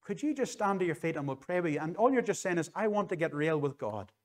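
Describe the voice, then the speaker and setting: A man's voice: fairly high pitch, big pitch swings, quick pace. A middle-aged man with a Northern Irish accent preaching an earnest, conversational sermon in church that ends in an altar call. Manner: earnest, conversational, repeats phrases for emphasis.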